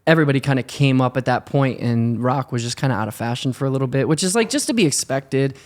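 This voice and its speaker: A man in a relaxed podcast interview, speaking as the guest musician. He reflects on his work in a laid-back, easy way. His voice sits at a middle pitch. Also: fast. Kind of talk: casual interview chat.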